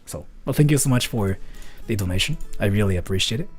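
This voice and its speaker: A man's voice: on the low side, expressive, fast talker, husky, soft background music. A Japanese man speaking English with a Japanese accent, chatting casually on a livestream and reading donations, repeating himself and laughing easily. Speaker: streamer.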